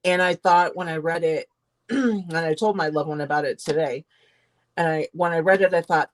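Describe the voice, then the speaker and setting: A woman's voice: low voice, moderate pace. A woman co-hosting a podcast in casual chat, telling a story earnestly and speaking with affection. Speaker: podcast co-host.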